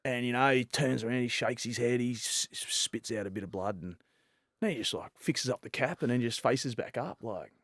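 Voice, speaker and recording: A man's voice: medium pitch, fairly quick, fairly bright tone, dry recording, studio quality. A man in his late thirties with an Australian accent, a guest telling stories in a loose, rambling way, full of fillers and restarts. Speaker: guest, professional fast bowler. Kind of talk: casual storytelling chat.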